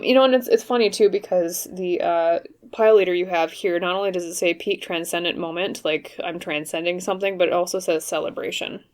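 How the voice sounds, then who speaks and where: Low-voiced woman giving a tarot reading. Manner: hesitant and careful, many fillers and restarts. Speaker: tarot reader. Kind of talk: pick-a-card tarot reading to camera.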